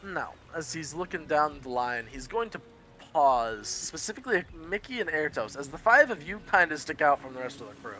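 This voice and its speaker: A man's voice: fairly high pitch, very animated, brisk, bright, forceful tone. A man narrating as game master of a tabletop game, describing scenes in a rambling, self-correcting way.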